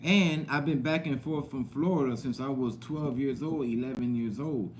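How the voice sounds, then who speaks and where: A man's voice: medium pitch, moderate pace, darkish tone, slight background noise. A young man with a slight Southern US accent, hosting a casual livestream chat in loose, rambling street slang. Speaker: livestream host.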